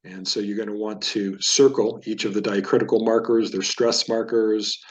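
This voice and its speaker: Low-voiced man teaching Hebrew pronunciation. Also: level tone, low-quality recording. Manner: patient, explanatory, stretches words slowly to model pronunciation. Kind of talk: screen-share lesson.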